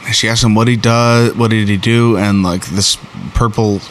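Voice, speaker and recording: A man hosting a show, recapping and reviewing an episode in a rambling, excitable way with many fillers and restarts. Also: on the low side, normal speed, a little hiss or hum.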